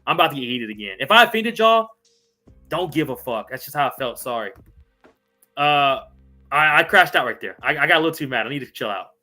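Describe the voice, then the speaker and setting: A man's voice: mid-range voice, fast talker, bright, forceful tone, soft background music. A young man hosting a live fight recap stream, ranting with heavy profanity, then apologizing and calling viewers bro and homie. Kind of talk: live stream chat reading viewer comments.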